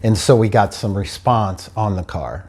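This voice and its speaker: A man telling his own true story in an animated, frustrated way, acting out the people he dealt with. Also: on the low side, normal speed, breathy edge. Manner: animated, frustrated retelling with quoted dialogue. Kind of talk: personal storytelling.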